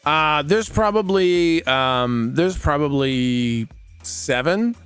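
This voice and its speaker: Male game master, fairly high voice; tired and rambling, filler-heavy, casual cursing. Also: expressive, slow pace, fairly bright tone, clean tone, no echo, soft background music. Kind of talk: narrating a tabletop game.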